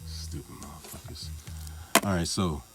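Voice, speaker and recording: A man's voice: very deep voice, fairly even intonation, moderate pace, faint music behind. A man talking in a casual monologue vlog, rambling and profane, laughing things off as he goes. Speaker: vlogger.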